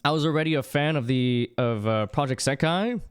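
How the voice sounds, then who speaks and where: A young adult livestreamer chatting casually with viewers, rambling and excitable, with many restarts. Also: medium pitch, fairly quick, smooth. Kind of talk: casual chat with stream viewers.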